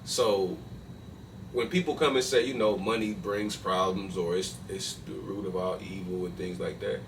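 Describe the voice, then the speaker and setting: A man's voice: deep voice, fairly even intonation, moderate pace. A man hosting a podcast, talking loosely in slangy casual chat with lots of restarts. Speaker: podcast host. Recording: distant mic with faint noise.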